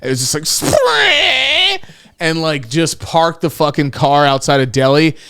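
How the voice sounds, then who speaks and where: A man's voice: fairly high pitch, normal speed, clear, resonant tone, no echo, clean studio sound. A man co-hosting a podcast, telling stories casually with lots of swearing and acted-out quotes. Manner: profane, animated retelling with acted-out quotes. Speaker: podcast co-host. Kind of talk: casual storytelling chat.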